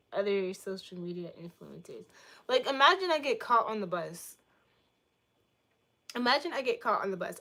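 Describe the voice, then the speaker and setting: A woman's voice: medium pitch, a bit bright. Young woman streamer from Boston, casual chat, cheeky and crude jokes, playful teasing delivery. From Boston, United States. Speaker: livestreamer answering chat.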